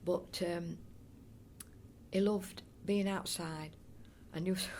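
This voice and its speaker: A woman's voice: on the low side, fairly even intonation, very slow, a little mellow, slight background noise. An older woman, reminiscing in a chatty, rambling way as an oral history interviewee. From North East Derbyshire area of England. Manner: chatty and rambling, with frequent restarts and fond asides.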